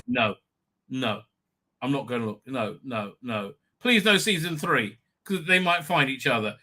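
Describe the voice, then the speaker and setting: A livestream host swears, jeers, and makes sarcastic commentary, sometimes slipping into mocking voices in a crude style. His medium-pitched voice is bright and forceful, a little slow, with soft music playing in the background.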